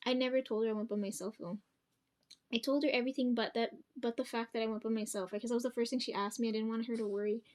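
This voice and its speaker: A young woman with a hoarse voice tells a rambling, profane personal story at home, with many ums and restarts. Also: fairly high pitch, fairly even intonation, fast, darkish tone. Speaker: vlogger.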